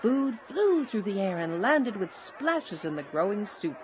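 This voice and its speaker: Slow, expressive woman storyteller. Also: mid-range voice. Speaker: narrator. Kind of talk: scripted storybook narration. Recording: slightly dull recording, faint noise.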